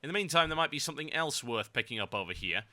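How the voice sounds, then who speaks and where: Sarcastic guy ranting through a game walkthrough, super bright sharp voice. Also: mid-range voice, expressive, rapid-fire. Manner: theatrical mock-grandiose lines. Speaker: game guide commentator. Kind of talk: gameplay guide commentary. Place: voice-over recorded over game footage.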